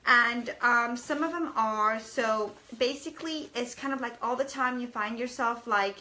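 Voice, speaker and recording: A woman's voice: a little high, unhurried, pushed and bright. A woman in her thirties chatting casually to camera as a parenting vlogger, rambling a little with fillers and restarts.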